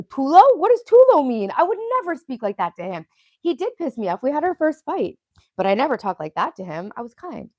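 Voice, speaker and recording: Chatty livestreaming woman with a gravelly voice. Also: a little high, darkish tone, no room sound, studio quality. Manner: chatty, rambling, reads and answers chat. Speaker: livestream host. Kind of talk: casual livestream chat.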